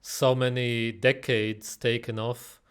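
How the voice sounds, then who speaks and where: A man's voice: mid-range voice, flat delivery, slow, slight background noise. A man giving mocking, sarcastic reaction commentary on a video. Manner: scornful, sarcastic.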